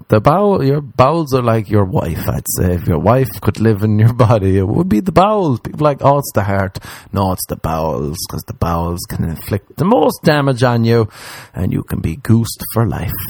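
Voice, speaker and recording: Guy doing a rambling comic bit, gravelly low voice, bouncy pitch, dry close sound. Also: very animated, moderate pace, darkish tone, no room sound. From Ireland. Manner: jokey, swings into high put-on voices. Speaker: comedian. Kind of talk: rambling comedic monologue.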